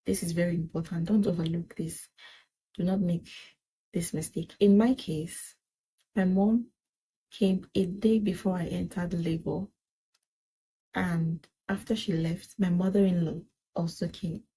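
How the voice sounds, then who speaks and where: Young woman, vlogger, unhurried delivery, warm mellow tone, earnest and emphatic. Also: on the low side, steady tone, breathy edge, low-quality recording. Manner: earnest, emphatic, repeats points for stress. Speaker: parenting vlogger. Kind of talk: casual advice chat.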